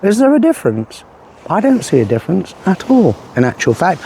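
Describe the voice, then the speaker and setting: Scornful man with a lively voice. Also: a little high, fairly quick, slight background noise. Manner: sarcastic, scornful, rambling with many fillers. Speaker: political commentator. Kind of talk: sarcastic political commentary monologue.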